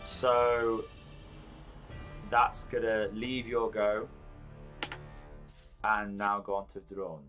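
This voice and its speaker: Low-voiced man running a tabletop game. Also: flat delivery, very slow, long pauses, fairly bright tone, soft background music. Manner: hesitant, full of fillers, bookkeeping aloud. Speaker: game master.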